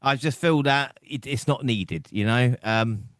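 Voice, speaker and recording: A man co-hosting a casual podcast, talking at an ordinary middle pitch. He rambles from point to point, laughs often and keeps asking if you know what he means. The sound is dry and close, with no room echo. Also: unhurried, a bit bright. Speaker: podcast co-host. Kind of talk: casual chat.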